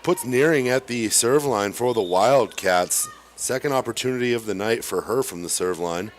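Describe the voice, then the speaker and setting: Man, volleyball play-by-play, chatty, excitable exclamations, mid-pitched. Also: moderate pace. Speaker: play-by-play announcer. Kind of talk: live volleyball commentary.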